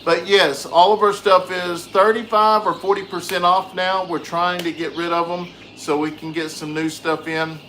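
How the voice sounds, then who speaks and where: A man hosting a casual farm vlog outdoors, chatting with viewers and talking softly to his animals. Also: high-pitched, level tone, moderate pace, hardly any pauses. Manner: easygoing, soothes animals softly. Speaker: farm channel host. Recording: echoey with loud outdoor noise.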